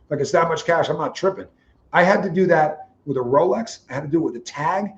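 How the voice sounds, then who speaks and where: This high-voiced man is co-hosting a livestream and chatting through stories, bringing the dialogue in quotes to life in an animated way. The sound is lo-fi.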